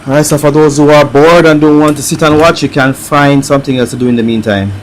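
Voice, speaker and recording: A man with a Jamaican accent chatting casually on a live stream as he works on a repair, reading viewer comments aloud and thinking out loud. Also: on the high side, steady tone, fast, a little hiss or hum, rough recording. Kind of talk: casual live-stream chat while working.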